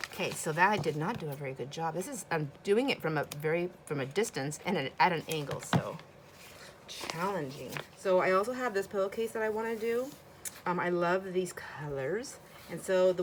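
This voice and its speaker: With noise in the background, a middle-aged craft channel host chats her way through a casual tutorial, rambling and using many fillers as she crafts. Her voice is on the low side.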